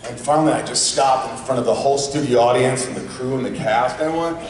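A man with a hoarse voice telling a joking story to a fan audience, heard from afar in a big convention hall. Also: medium pitch, fast talker, few pauses, noisy background. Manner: joking, loud bursts of impressions. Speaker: actor on a convention panel. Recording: distant, echoey convention hall.

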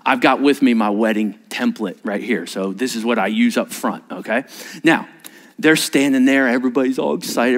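A man preaching a sermon as a pastor, telling stories with animated delivery and acting out little voices. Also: mid-range voice. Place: church sanctuary.

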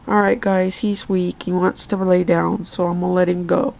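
A woman vlogger talking softly to her old cat and her viewers, in tender coaxing baby talk, sometimes whispering. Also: on the low side, flat delivery, gravelly, dull audio, slight background noise. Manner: slow, gentle, at times whispered. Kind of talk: soft chat to a pet and viewers.

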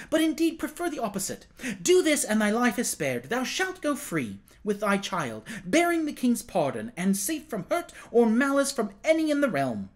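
A man's voice: extremely high pitch, voice pushed up, heavily acted. A man voicing an eager, earnest young boy king who urges and pleads in a storybook reading. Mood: eager urging. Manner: earnest, urging.

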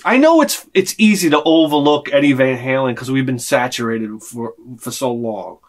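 A man's voice: mid-range voice, lively intonation, normal speed, few pauses. A man hosting his own video channel, ranting in a profane, rambling, emotional way. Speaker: vlog host. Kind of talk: casual ranting monologue.

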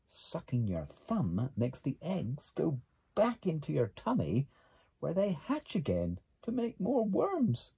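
A stern, matter-of-fact dog doctor from a storybook, as a man reading aloud puts him on, lecturing firmly and slowly. The voice is husky and mellow. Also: a little high, wildly swooping pitch, pitched above the performer's own voice, exaggerated voice. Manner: firm, lecturing. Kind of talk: storybook character voice.

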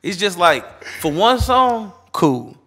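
Laid-back slangy young DJ. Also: male voice, high-pitched, takes it slowly, crowd noise. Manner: laid-back, slangy, animated when mimicking people. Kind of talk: casual interview chat.

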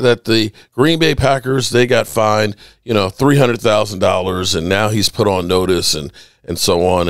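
A man's voice: on the low side, dry recording, studio quality. A man hosting a sports podcast, ranting indignantly over game clips and repeating his points. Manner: animated, indignant, repeats himself.

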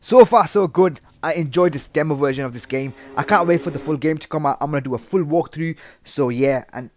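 A young man commentating a horror game let's play is constantly swearing, jumpy, and given to panicked yelps and shouts. His voice is a little high and brisk, with a bit of hiss or hum on the recording.

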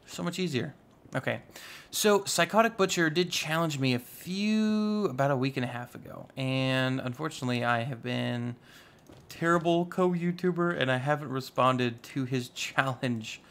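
Male gaming YouTuber, gravelly and mid-pitched, chatty with playful asides over gameplay. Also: normal speed, fairly bright tone. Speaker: Minecraft YouTuber. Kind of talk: casual gameplay commentary.

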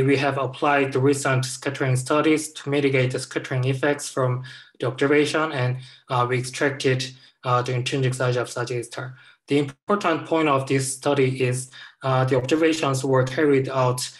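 A man's voice: mid-range voice, level tone, normal speed. A man, a postdoctoral researcher, giving a hesitant research talk over a video call, with many fillers. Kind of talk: online conference talk.

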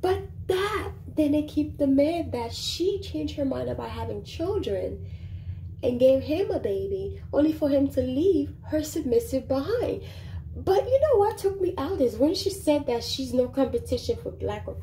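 Sassy lady vlogging her opinions, kinda high voice, warm tone, faint noise behind. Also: normal speed. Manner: sassy, animated, talks back to the subject. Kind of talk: casual opinion commentary to camera. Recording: roomy echo with faint background noise.

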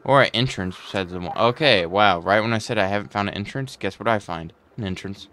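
Excitable man commenting on gameplay. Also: on the low side, brisk. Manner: excitable, with frequent yelps and outbursts.

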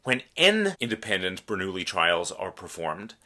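Bright-voiced man explaining a math lecture. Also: low-pitched, sing-song, normal speed. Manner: careful, explanatory, stresses key points. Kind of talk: recorded lecture.

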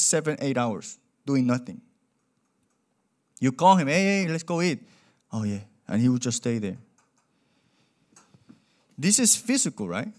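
Lively young male preacher. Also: a little high. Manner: animated, acts out quoted voices, non-native grammar. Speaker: pastor. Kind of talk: sermon with storytelling.

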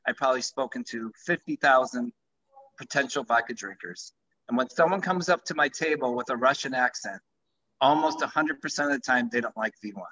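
A man's voice: mid-range voice, brisk, bright, forceful tone. A man who founded a vodka company, talking enthusiastically about his product in a live-streamed conversation. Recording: dull lo-fi livestream audio.

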